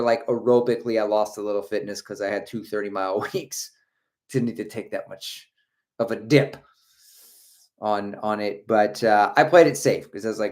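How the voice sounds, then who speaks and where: A middle-aged man hosting a casual livestream about running. He reads out viewer comments and riffs on them with a chatty, joking manner, often breaking into a laugh. His voice sits at an ordinary male pitch. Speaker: running channel host.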